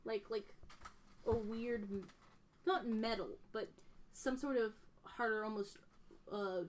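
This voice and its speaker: Young woman as game master, loose and chatty, pitched a bit high, slight background noise. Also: fairly even intonation, slow. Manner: casual, filler-heavy narration with many "like" and "um". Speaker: dungeon master. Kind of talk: narrating a tabletop game.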